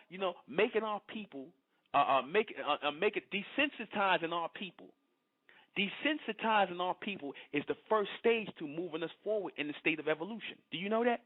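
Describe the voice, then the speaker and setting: A man talks at his listeners in a long, preachy monologue. He pushes his points hard and keeps asking if they understand. His voice sits high and comes through thin and tinny, like a phone line. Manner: confrontational, repeats "you understand?". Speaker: online speaker addressing followers. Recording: phone-like lo-fi audio.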